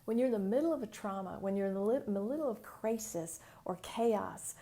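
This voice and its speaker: A woman hosting a casual solo podcast, chatty and animated as she tells a client story. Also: medium pitch, a little fast. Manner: chatty and animated, acts out voices in quotes. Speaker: business mentor and podcast host.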